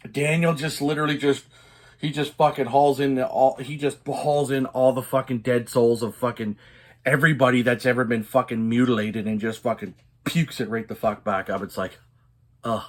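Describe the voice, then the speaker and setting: A man's voice: medium pitch, a bit bright. A man casually reviewing a death doom record on a vlog, swearing constantly and slipping into rants, with many ums and uhs. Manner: profane and ranting, many fillers.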